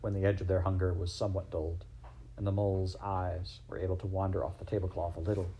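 A man narrating a classic storybook aloud in a gentle, measured, expressive way. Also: sits low, slight background noise, low-quality recording.

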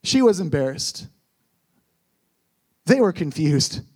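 High-voiced young pastor preaching. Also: male voice, very animated, slow, a little mellow. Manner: earnest, storytelling, repeats words for emphasis. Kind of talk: sermon.

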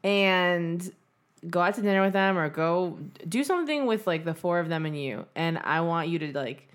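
A woman's voice: lowish voice, expressive, moderate pace. Brief: young woman podcast co-host, blunt, profane, fired-up casual advice. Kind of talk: casual chat.

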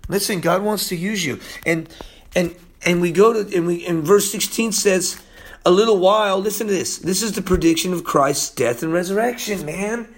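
Male preacher, higher voice, excitable and emphatic, casual slangy delivery. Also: normal speed. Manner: excitable and emphatic, swings from loud to hushed; casual slangy talk, often says "man". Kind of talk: informal Bible teaching.

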